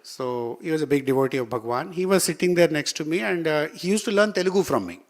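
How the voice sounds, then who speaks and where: A man's voice: a little high, animated, fast talker. A man with an Indian accent giving a spiritual talk full of anecdotes, acting out the dialogue as he tells his stories. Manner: storytelling, acts out quoted dialogue. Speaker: guest speaker at a devotional meeting.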